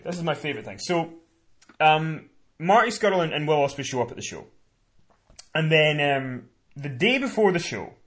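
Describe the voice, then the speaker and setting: A man co-hosting a podcast, telling a story in casual chat. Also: on the high side. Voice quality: chatty, animated storyteller. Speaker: podcast co-host and event promoter.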